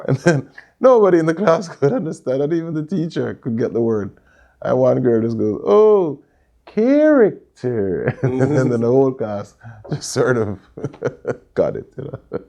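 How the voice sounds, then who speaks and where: A middle-aged man with a Jamaican accent, telling stories in a relaxed interview with many fillers and restarts. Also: mid-range voice, a little slow, creaky. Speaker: interview guest, Caribbean store owner. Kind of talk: casual conversational interview.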